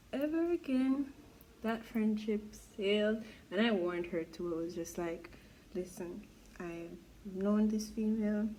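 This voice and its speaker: A young woman vlogger with a warm, mellow voice chats casually through a gossipy storytime while doing her makeup. She talks in an incredulous, exclaiming way, and her pitch sits at an ordinary middle level for a woman. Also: slight background noise, poor audio.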